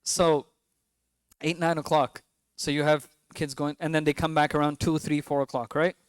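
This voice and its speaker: This New York–accented man in his twenties has a slightly high, clear, resonant voice with a flat delivery at normal speed, recorded dry. Addressing parents at a mosque, he keeps things conversational, poses questions to the audience, and drops the occasional joke.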